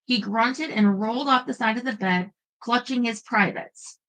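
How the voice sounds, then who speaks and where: A woman reads a first-person paranormal romance aloud with playful expression. Her voice is bright and fairly high, and she drops into loose, chatty asides between passages. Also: normal speed, poor audio. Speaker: audiobook narrator.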